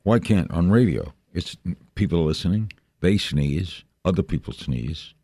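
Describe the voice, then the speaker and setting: A man in his eighties from New York, a veteran broadcaster telling stories in a brisk, rambling interview chat. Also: sits low, expressive, dark tone, no echo, studio quality. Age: 80s. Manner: brisk, anecdotal, jumps between thoughts.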